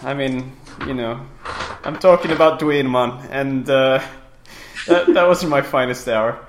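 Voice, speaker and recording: A man chatting casually as a podcast co-host in a playful, animated way, fond of doing voices. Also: mid-range voice, a little slow, slight background noise. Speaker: podcast co-host and game developer. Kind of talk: casual chat. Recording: echoey room.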